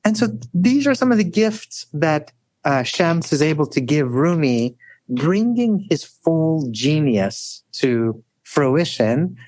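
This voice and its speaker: Animated guy telling stories on a podcast, voice swoops up and down, keeps saying right?. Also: slow, dry recording. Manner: animated storyteller, rising high for emphasis; frequent "right?" tags. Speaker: guest scholar. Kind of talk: storytelling in a podcast interview.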